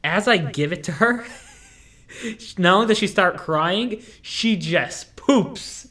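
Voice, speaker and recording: A man's voice: sits high, lively intonation, slow, sharp tone. Young man rambling in a casual podcast chat. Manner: rambling, jokey storytelling with many fillers. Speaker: podcast host.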